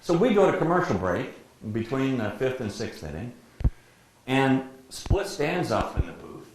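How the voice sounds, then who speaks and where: A man in his sixties who grew up in Detroit, a sportscaster speaking as guest, telling lively anecdotes and acting out quotes with frequent laughter. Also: mid-range voice, measured pace. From Detroit, USA. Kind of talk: anecdotal storytelling talk. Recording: very echoey room, faint background noise.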